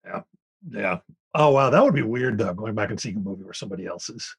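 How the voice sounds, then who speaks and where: Husky, chatty podcast co-host man. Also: lowish voice, lively intonation. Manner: chatty, rambling storyteller with quick asides. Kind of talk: casual interview chat.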